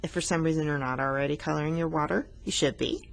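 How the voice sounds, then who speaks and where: Low gravelly-voiced woman art teacher. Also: fast talker. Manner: patient, explanatory, self-teasing. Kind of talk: art lesson narration while coloring.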